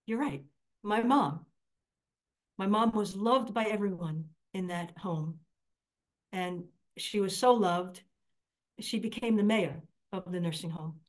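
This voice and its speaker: Middle-aged woman preaching earnestly. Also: mid-range voice. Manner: earnest storytelling, quoting others in raised voice. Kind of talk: sermon.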